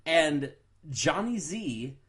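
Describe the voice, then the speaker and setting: A young man co-hosting a casual podcast, his fairly high voice swinging up and down. He tells his stories with animated delivery and laughs easily. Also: drawn-out words, husky. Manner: lively, laughing storyteller. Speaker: podcast co-host. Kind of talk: casual chat.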